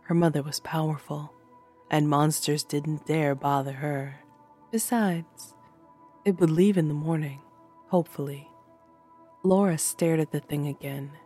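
A woman narrating a short horror story in a calm, measured way. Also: low voice, faint music behind. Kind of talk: scripted horror fiction narration.

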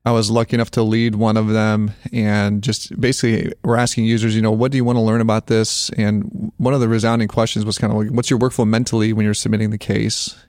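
Male podcast guest, low-pitched, rapid casual delivery, dry sound. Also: no room sound. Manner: quick, relaxed and conversational. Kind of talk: casual chat.

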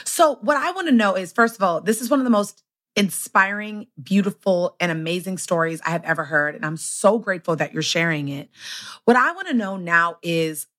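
A woman's voice: on the low side, lively intonation, a little fast, a bit bright. A woman hosting a podcast interview, effusive and encouraging toward her guest. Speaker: podcast host.

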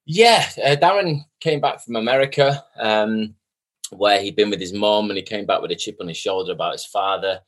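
Male actor guest, low-ish register, easygoing self-deprecating storyteller. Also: normal speed. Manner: chatty, self-mocking storyteller, lively quoting. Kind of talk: casual interview chat.

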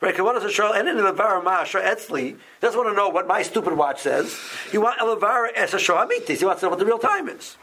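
A man leading an informal Torah class, often restarting phrases and growing lively as he explains. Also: sits high, fast, hardly any pauses, slight background noise.

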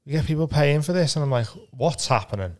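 A man's voice: on the high side, racing, a little mellow. Man, podcast co-host, casual chat, rambling, self-doubting, fillers galore.

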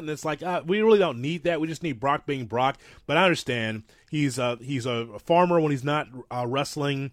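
A man co-hosting a casual wrestling talk show, rambling and self-deprecating, with animated asides. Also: on the high side, moderate pace, few pauses, dry recording, clean studio sound. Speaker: podcast co-host.

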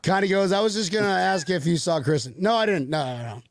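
A man co-hosting a casual podcast, jokey and animated. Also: sits high, fast talker. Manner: jokey, animated, puts on silly accents. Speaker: podcast co-host. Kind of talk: casual chat.

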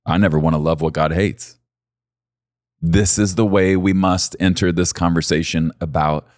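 A man preaching a sermon as pastor, swinging from low, quiet stretches to loud, high emphasis. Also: no echo, clean studio sound.

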